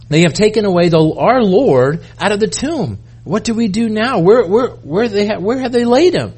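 High-voiced man preaching casually. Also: a little mellow, husky. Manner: conversational, self-interrupting, acts out quoted voices. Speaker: pastor. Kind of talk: sermon.

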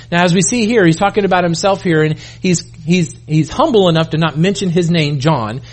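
A middle-aged man preaching a sermon in a conversational way, often restarting and acting out the people he quotes. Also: high-pitched. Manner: conversational, self-interrupting, acts out quoted voices. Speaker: pastor.

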